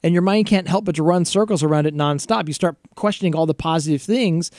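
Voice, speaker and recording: A man's voice: fairly high pitch, fast talker, a little mellow, dry recording, studio quality. A man co-hosting a live stream, teasing and chatting casually with many restarts. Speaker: co-host. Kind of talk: casual banter.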